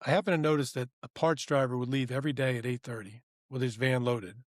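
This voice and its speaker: A man co-hosting a podcast, telling a workplace story in a rambling, animated way. He acts out both sides of the conversation and keeps saying "right?" and "I go". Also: mid-range voice, quick pace, no echo, studio quality. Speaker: podcast co-host. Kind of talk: casual storytelling.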